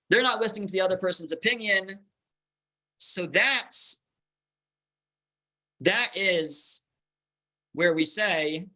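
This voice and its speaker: A man teaching a Torah class as a rabbi, explaining slowly with repeated words as he thinks and Hebrew terms mixed in. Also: high voice, bright, forceful tone, low-quality recording.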